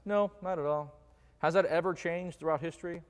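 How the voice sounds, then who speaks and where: A man with a slightly high voice and fairly even intonation preaches fairly quickly in a church sanctuary. His sermon is conversational and jokey, with questions put to the congregation, and the church hall's long reverb lingers behind him.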